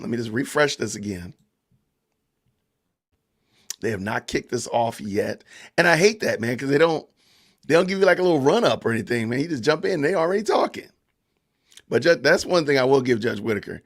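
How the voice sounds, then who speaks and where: Gravelly Georgia-accented man chatting. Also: mid-range voice, animated, moderate pace, long pauses. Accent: Southern US, Georgia. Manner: laid-back, chatty, greets viewers. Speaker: podcast host. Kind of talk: casual livestream chat.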